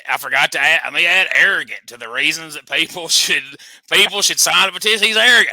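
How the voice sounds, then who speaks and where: A man's voice: a little high, fast talker, bright, forceful tone, dry recording. A man hosting a comic show, needling his guest in boastful country banter. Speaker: host.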